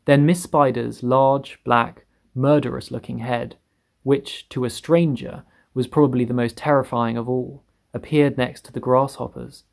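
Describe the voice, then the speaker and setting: A man narrating a children's tale with a gravelly, creaky voice at a mid pitch. He reads expressively, slowing to lean on key words. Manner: lively, expressive read with drawn-out emphasis. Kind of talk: storybook reading aloud.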